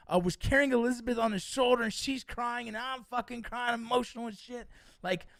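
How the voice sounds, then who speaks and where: Profane, animated middle-aged man streaming. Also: sits high, gravelly, dry recording, studio quality. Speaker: livestream host reading chat. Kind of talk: casual livestream chat.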